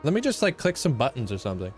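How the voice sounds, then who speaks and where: A man's voice: medium pitch, wildly swooping pitch, very fast, soft background music. A young man livestreaming a game, chatting casually and greeting viewers by name. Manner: laid-back, thanks and greets viewers by name. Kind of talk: casual chat with live viewers while playing.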